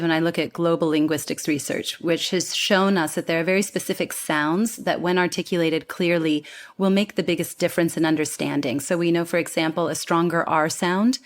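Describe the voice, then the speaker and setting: A woman, speaking as a guest coach in an interview and lively demonstrating pronunciations. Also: lowish voice. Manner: animated, demonstrates pronunciations and quotes people. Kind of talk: conversational interview.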